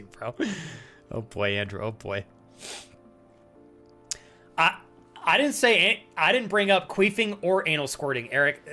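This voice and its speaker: A man's voice: on the high side, sharp tone. A man streaming live, chatting casually with viewers, reading their messages and laughing often in mock indignation.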